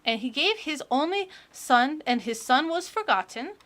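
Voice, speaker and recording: A sweet, earnest little girl reads a storybook aloud in a sing-song, stumbling way, as a woman puts the voice on. The voice sits fairly high, and it comes out bright and loud. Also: animated. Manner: sing-song, halting, with childlike mispronunciations. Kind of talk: reading a children's book aloud in character.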